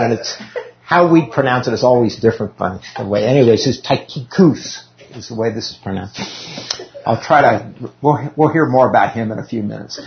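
A man teaching an informal Bible class in a meeting room, talking casually and reading scripture aloud with self-deprecating asides. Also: mid-range voice. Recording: dull lo-fi recording.

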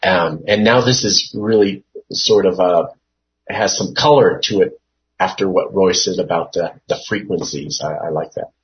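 In a muffled recording, a low-pitched man leads an informal Bible study. He reads verses and explains them unhurriedly, thinking aloud with plenty of fillers and restarts.

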